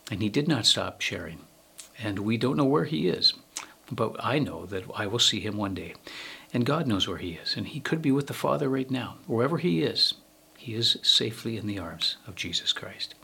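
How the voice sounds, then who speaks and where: Gravelly, earnest male preacher. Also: on the low side, animated, sharp tone. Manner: earnest, measured preaching with slow emphatic phrase endings and frequent fillers. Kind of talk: sermon.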